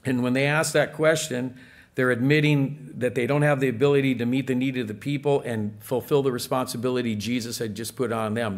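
A man's voice: mid-range voice, fairly even intonation, fairly quick. A man preaching a sermon in a church, conversational and full of rhetorical questions to the congregation. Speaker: pastor.

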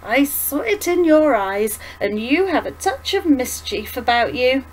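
A woman reading aloud and voicing a gentle, grieving elderly mother who talks softly and slowly. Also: high-pitched, sing-song, slight background noise, pitched above the performer's own voice. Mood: warm. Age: older. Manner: soft, slow and tender.

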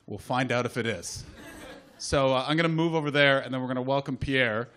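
A Canadian man hosting a live comedy chat show, joking loudly, then dropping into muttered asides. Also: mid-range voice, fairly quick. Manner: loud, jokey, swings between shouting hype and muttered asides. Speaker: host. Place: live comedy venue with audience.

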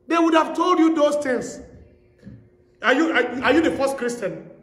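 Pastor, male, high-pitched storytelling sermon, echoey hall sound. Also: lively intonation, moderate pace. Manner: storytelling preacher, repeats phrases for emphasis.

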